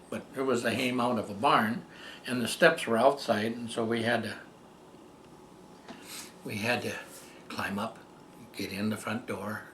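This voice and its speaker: An older man telling a personal story as a testimonial, rambling and halting, with many fillers and restarts. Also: medium pitch, fairly bright tone, reverberant, a little hiss or hum. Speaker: patient giving a testimonial. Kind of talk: storytelling tribute.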